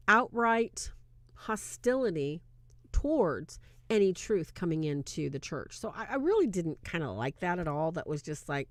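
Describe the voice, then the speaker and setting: A woman's voice: lowish voice, dry recording, studio quality. A woman casually recapping a film scene by scene, acting out bits of dialogue as she talks. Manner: retells scenes with acted-out quotes, chatty. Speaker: movie reviewer.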